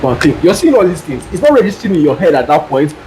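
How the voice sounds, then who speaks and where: A man's voice: fairly high pitch, very fast, rough recording. A young man from Nigeria co-hosting a podcast, telling stories with acted-out quotes and frequent laughter in casual chat. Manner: animated storytelling, acts out quotes, laughs often. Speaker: podcast co-host. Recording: faint background noise.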